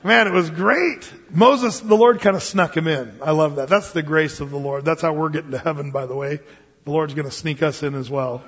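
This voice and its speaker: A man teaching a Wednesday night Bible study as a pastor, telling stories with lively acted-out quotes. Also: fairly high pitch, fairly quick, husky. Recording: dull lo-fi sound with long hall reverb.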